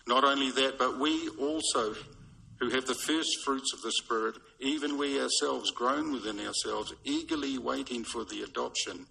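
A man preaching a sermon in a measured, storytelling way. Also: medium pitch, vocal fry, sharp tone, a little hiss or hum, low-quality recording. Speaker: pastor.

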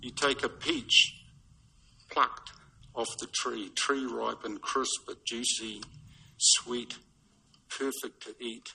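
Gravelly New preacher, bright and husky. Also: male voice, medium pitch, fairly even intonation, slight background noise, low-quality recording. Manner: measured, storytelling preacher. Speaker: pastor. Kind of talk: sermon.

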